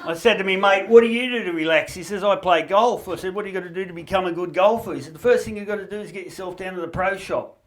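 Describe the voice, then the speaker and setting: A man's voice: sits high, steady tone, fast, hardly any pauses. An Australian man doing a stand-up comedy routine, reeling off puns and laughing at his own jokes.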